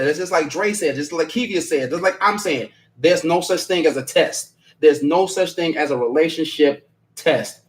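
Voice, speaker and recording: A man hosting a casual livestream and reading viewer comments aloud, talking bluntly and emphatically, swearing freely and repeating his points. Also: fairly high pitch. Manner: apologetic after ranting.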